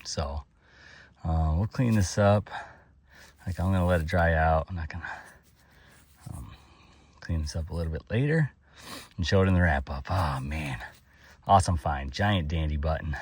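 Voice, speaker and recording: Low husky guy filming himself digging outside, mic kinda far off, lots of ums and oh my gods. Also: moderate pace, long pauses, no echo. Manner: exclaims, rambles with fillers. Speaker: metal detecting channel host. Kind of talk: excited outdoor detecting vlog. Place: outdoors at a dig site.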